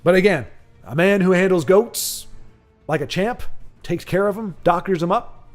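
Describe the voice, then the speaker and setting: A man's voice: high-pitched, moderate pace, faint music behind. A young man hosting a livestream, chatting casually with viewers and rambling with many restarts. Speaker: livestream host. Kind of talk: casual chat while streaming a card game.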